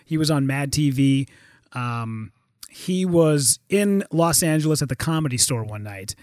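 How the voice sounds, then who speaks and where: A man in casual podcast chat, telling stories with lively acted-out quotes and frequent swearing. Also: a little high, a little slow, dry recording, studio quality. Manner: animated storyteller, acts out quotes, swears. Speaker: guest.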